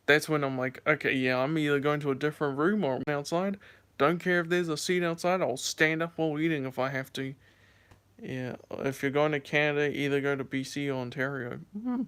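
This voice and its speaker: A young man with a fairly bright, clean-toned voice chats casually to camera as a vlogger, rambling through stories full of fillers. When he acts out scares, his voice jumps high and squeaky.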